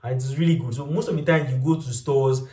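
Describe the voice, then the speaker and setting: A man's voice: mid-range voice, quick pace, recorded from a distance. A young Nigerian man, a Yoruba speaker, telling stories in a casual chat and laughing often. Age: young adult. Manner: animated storytelling, laughs often. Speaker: vlog host. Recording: roomy, a little off-mic.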